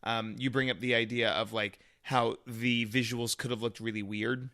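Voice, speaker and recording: A man chatting casually about a movie, acting out reactions with quick quoted asides. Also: mid-range voice, fairly even intonation, bright, forceful tone, no room sound, studio quality. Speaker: co-host. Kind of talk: casual movie review chat.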